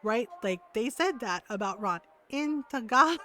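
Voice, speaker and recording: A woman's voice: on the high side, moderate pace. A woman streamer chatting casually with viewers, telling a story with energy, laughing often and checking in with "right?". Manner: animated storyteller, keeps asking "right?".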